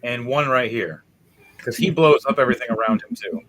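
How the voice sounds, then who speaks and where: Animated man running a tabletop game. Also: fairly quick, faint music behind, low-quality recording. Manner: animated, swings between loud bursts and low muttering. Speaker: game master.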